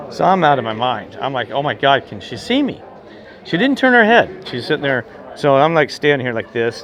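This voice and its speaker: Rambling low-voiced man telling a story. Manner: rambling, excitable, gesturing while talking. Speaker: vlogger telling a ghost story. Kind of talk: casual storytelling.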